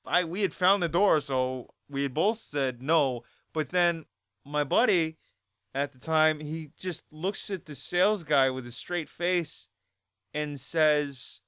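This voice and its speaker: A vlogger telling a story as an exasperated rant, repeating points and bursting into loud outbursts. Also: medium pitch, takes it slowly, clean tone, no room sound, studio quality.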